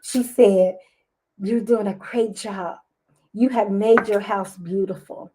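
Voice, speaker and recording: Expressive woman telling stories. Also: medium pitch, takes it slowly, slight background noise. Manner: lively storytelling, expressive. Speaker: guest, business owner. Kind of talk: casual interview chat.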